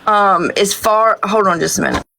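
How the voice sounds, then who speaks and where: A woman on a livestream slowly telling a story, with many hesitant pauses. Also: mid-range voice, animated, creaky, pushed and bright, a little hiss or hum. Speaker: livestream guest. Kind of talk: casual livestream chat.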